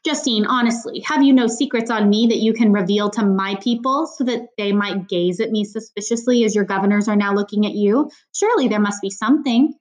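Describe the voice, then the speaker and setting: A woman's voice: medium pitch, fairly quick, few pauses, darkish tone, close to an everyday voice. A woman reading a storybook aloud, voicing a suave, sarcastic older man who mocks his rival with exaggerated politeness. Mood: sardonic. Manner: silky and sarcastic, polite on the surface. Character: suave, mocking older man, a wily leader.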